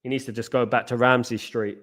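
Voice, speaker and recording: A man's voice: mid-range voice, level tone, brisk, a bit bright. A man hosting a live football watchalong, chatting casually and drifting off on tangents. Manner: rambling, chatty, goes off on tangents. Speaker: watchalong host.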